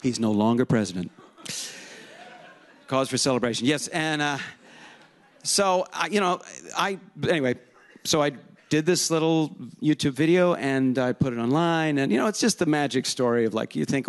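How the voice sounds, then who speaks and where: A man's voice: on the high side, animated. A man, a voice impressionist, giving a rambling, self-deprecating conference talk on stage before a live audience. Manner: rambling, self-deprecating, slips in quick voice demos.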